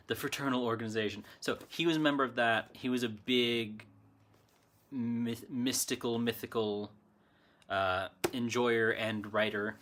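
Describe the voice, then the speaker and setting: A man's voice: lowish voice, sharp tone. A man hosting a casual spiritual chat from his desk at home, meandering and correcting himself as he talks. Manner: meandering, self-correcting, chatty. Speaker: channel host. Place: home desk with computer and lamp.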